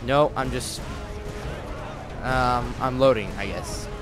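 A man hosting a let's play, excitable and joking, talking back at the game's characters as he plays. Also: mid-range voice, slow pace, over music. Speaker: gaming channel host.

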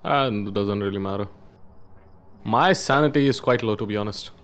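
A man chatting while gaming, giving hurried orders to his team and swearing now and then. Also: fairly low pitch, fairly bright tone. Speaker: gamer giving team directions. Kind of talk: casual gaming chat.

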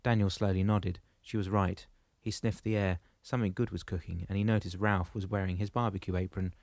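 A man narrates a novel in a steady, measured way. His voice sits low. The recording is close and dry. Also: creaky, dry recording. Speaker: audiobook narrator. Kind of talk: scripted narration.

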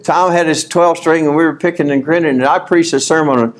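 A man preaching a sermon at a conference, folksy and animated, reading scripture aloud and rising to shouts. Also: fairly high pitch, fairly quick. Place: conference hall.

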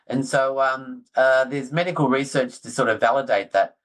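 A middle-aged man, talking excitedly as a guest in a casual interview. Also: medium pitch, normal speed, low-quality recording. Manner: excitable, animated storyteller, self-deprecating. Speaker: guest orthodontist.

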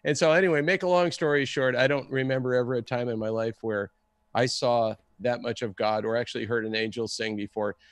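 A man telling a story in a casual, excitable way and acting out the people he quotes. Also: medium pitch, a little fast, dry recording. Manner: animated, acts out the people he quotes. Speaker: guest storyteller.

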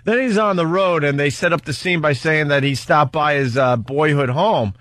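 A man's voice: on the high side, moderate pace, a bit bright. A man hosting a radio talk show, telling rambling anecdotes with frequent restarts in casual banter.

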